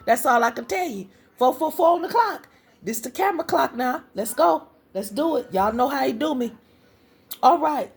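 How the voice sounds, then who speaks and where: A woman with a husky, breathy voice gives a casual spiritual message straight to her viewers. She talks in a chatty, rambling way, repeats herself, and keeps calling out to the crowd she is addressing. Her pitch sits in an ordinary middle range. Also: a little mellow. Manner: rambling, restarts often. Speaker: spiritual reader.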